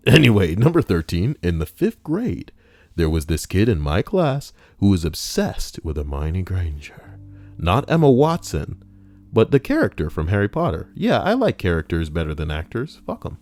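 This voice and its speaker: A man's voice: low-pitched, wildly swooping pitch, moderate pace, a little mellow, no echo. A man hosting a countdown list, reading it in a casual way with sarcastic, jokey asides. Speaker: host. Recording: faint background music.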